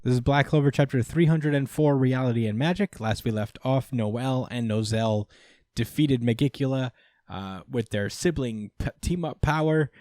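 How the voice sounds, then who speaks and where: A male podcast host gives a casual, rambling recap stuffed with fillers and acted-out quotes. His medium-pitched, darkish voice moves at a moderate pace, recorded dry at studio quality.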